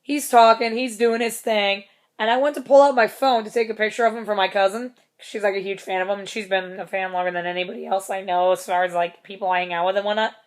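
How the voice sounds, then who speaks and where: A young woman casually telling a concert story in a vlog, chatty, laughing often, with plenty of swearing. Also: mid-range voice.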